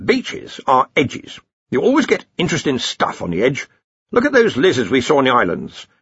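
A blustering older wizard archchancellor, as a man puts him on, booming high and hearty. His husky voice sounds dry and a little dull, like a close audiobook read. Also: wildly swooping pitch, normal speed, fairly bright tone, no room sound, full character voice. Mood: musing. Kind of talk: audiobook character voice.

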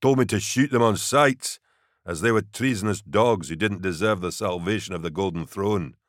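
A man voicing a huge, brutish male soldier with a deep, growling voice and slow, flat menace. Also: dry recording, clean studio sound, lightly acted. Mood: menacing calm.

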